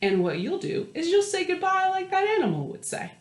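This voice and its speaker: A woman hosting a children's storytime, reading aloud and chatting to young kids in a bright, lively sing-song manner. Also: very high-pitched, brisk. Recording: roomy echo with piano. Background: piano.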